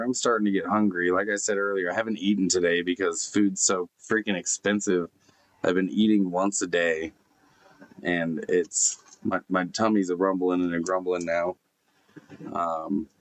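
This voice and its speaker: In a dry recording, a low-pitched man streams live from a van that has broken down in a forest snow park, captured by his computer camera setup. He reads out and replies to comments in a relaxed, rambling way. Curses come often, along with plenty of fillers and false starts.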